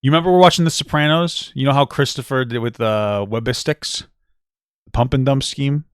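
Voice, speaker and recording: A man's voice: mid-range voice, brisk, smooth, no echo, studio quality. A young man, a podcast co-host, chatting casually with his partner, swearing freely and telling stories with bursts of laughter. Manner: loose, profane, storytelling with bursts of laughter. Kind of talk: casual couple chat.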